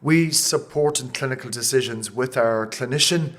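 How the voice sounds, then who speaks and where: A man with an Irish accent, a company founder answering interview questions in a passionate, emotional way, with quick bursts and many restarts. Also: medium pitch, a bit bright. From Ireland. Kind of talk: interview conversation.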